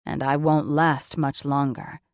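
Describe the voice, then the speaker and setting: A woman reading a romance audiobook, voicing a powerful wealthy man in a lower, hoarse, throaty and shaky voice. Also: flat delivery, a little slow, no room sound. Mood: husky, strained. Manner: shaky, breathless delivery. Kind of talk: audiobook character voice.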